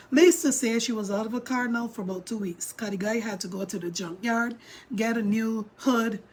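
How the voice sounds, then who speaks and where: A middle-aged woman vlogger telling a story to her viewers, animated and emphatic, speaking straight to them. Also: on the high side, slightly rough.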